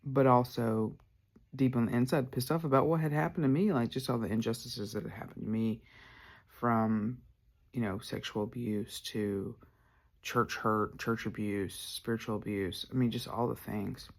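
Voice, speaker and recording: Man, podcast host, personal storytelling, candid, rambling, slight vocal fry, mid pitch. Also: steady tone, moderate pace. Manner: candid, rambling, lots of "like" fillers.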